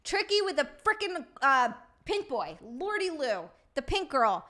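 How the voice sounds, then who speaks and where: A woman hosting a casual comedy livestream, excitable and swearing as she reads super chats aloud and laughs a lot. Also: sits high, unhurried. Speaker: streamer and podcast host.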